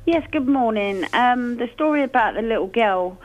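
A woman's voice: on the high side, lively intonation, moderate pace, rough recording. A woman calling in to a radio show, a mum speaking in an earnest, indignant way. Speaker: caller. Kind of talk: phone-in call.

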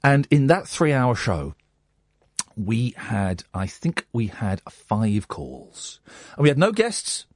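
A man's voice: mid-range voice, slow pace, no room sound. A man, hosting a late-night radio phone-in in a chatty, self-mocking way. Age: 40s. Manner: chatty, self-mocking, lively banter with the studio team.

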